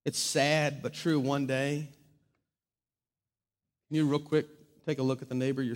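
A man preaching a sermon in a large church hall, impassioned, swinging from loud proclaiming to hushed intimacy. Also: mid-range voice, little pitch movement, measured pace, pauses often. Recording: long reverb of a large hall.

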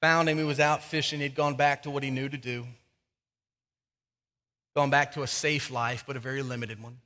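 A man's voice: medium pitch, flat delivery, moderate pace, bright, forceful tone, big-room sound. A man preaching a sermon as a pastor, emphatic and often repeating words as he builds.

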